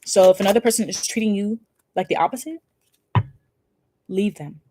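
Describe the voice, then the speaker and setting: A woman reads tarot cards for her viewers in a quick, tumbling delivery. She is effusive and emphatic, with casual swearing, and her voice sits at an ordinary middle pitch. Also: mellow, slight background noise. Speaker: tarot reader. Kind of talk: casual pick-a-card tarot reading.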